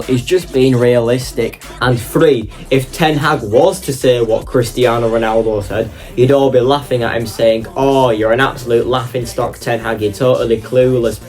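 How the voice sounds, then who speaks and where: A man's voice: mid-range voice, a little mellow. A man delivering a passionate, opinionated football fan monologue for his vlog.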